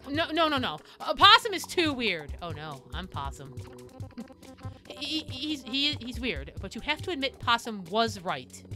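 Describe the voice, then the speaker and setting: Bright-voiced woman streaming a game. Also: a little high, unhurried, soft background music. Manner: animated, jokey, squeals and whispers when scared. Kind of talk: live game playthrough, reading dialogue aloud.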